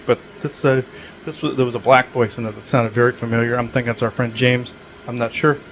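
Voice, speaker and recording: A man's voice: mid-range voice, low-quality recording. Male podcast host, mid-range voice, casual meandering monologue, lots of "uh"s, faint background noise. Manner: digressive, many filler words and restarts.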